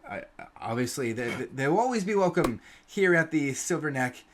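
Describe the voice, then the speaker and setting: A man's voice: fairly high pitch, very animated, slight background noise. A man voicing a flustered young male knight in a tabletop game, stammering and tripping over his words. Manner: stammering, rushed, anxious.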